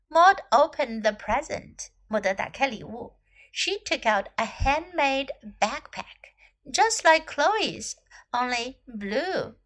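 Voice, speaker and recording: A woman English teacher reading a children's story aloud in two languages, with slow, clear teaching delivery and repetitions. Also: high-pitched, animated, fairly bright tone.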